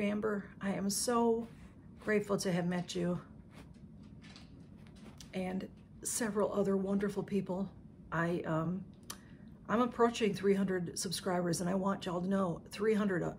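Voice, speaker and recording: A woman's voice: mid-range voice, vocal fry, a little mellow, a little hiss or hum. A woman chatting casually to her camera as a vlogger, gushing with emotion and thanking over and over. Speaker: YouTube vlogger. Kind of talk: casual unboxing chat to camera.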